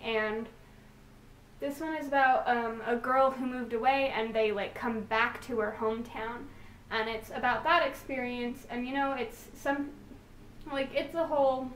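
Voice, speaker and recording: A young woman vlogger chatting casually and excitedly, rambling with lots of fillers as she gushes. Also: high-pitched. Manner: bubbly, gushing, rambling with fillers. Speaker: book vlogger. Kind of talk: casual book haul chat. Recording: echoey room, distant mic, faint hiss.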